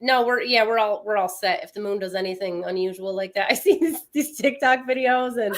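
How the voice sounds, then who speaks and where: A woman's voice: a little high, lively intonation, fairly quick, hardly any pauses. A woman co-hosting an astrology livestream in casual, chatty talk, explaining things plainly and greeting viewers.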